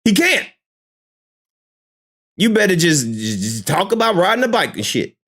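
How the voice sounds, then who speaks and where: A man hosting a live stream, reacting to a song with profane, exasperated commentary, repeating himself and swinging between loud outbursts and low muttering. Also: big pitch swings, measured pace.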